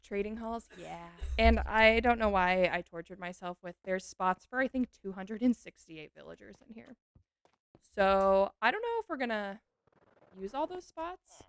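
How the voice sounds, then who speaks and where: A woman's voice: mid-range voice, expressive, normal speed, clear, resonant tone, dry recording. Chatty woman streaming a game. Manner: chatty, answering chat as she plays. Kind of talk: casual live-stream chat while gaming.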